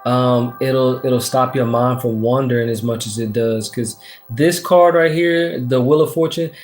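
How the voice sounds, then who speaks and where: A man from Texas, casually chatting on a livestream as a tarot reader. He reads comments aloud, uses slang, swears freely and gives a lot of shout-outs. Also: mid-range voice.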